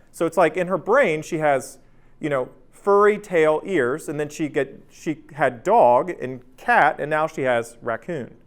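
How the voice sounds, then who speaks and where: Lively man leading a training talk. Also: a little high. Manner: conversational, keeps asking "right?"; energetic, acts out anecdotes. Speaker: workplace trainer. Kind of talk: casual workshop talk.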